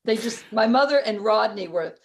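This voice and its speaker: A middle-aged woman comedian telling stories as an interview guest, lively and wisecracking, laughing easily as she talks. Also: mid-range voice, moderate pace, noisy background. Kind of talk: casual storytelling interview.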